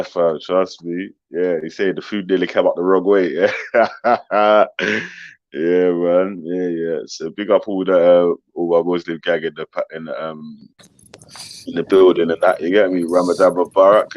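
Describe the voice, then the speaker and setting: A man's voice: low voice, steady tone, a little slow, no echo, muffled recording. A man hosting a casual live chat, brash and slang-heavy, swearing freely. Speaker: host.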